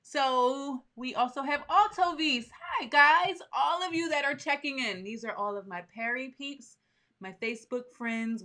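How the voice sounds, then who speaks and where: A woman's voice: on the high side, sharp tone. A woman who makes soap, hosting a live stream in an upbeat, chatty way and greeting viewers by name. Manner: chatty, upbeat, talks straight to her audience.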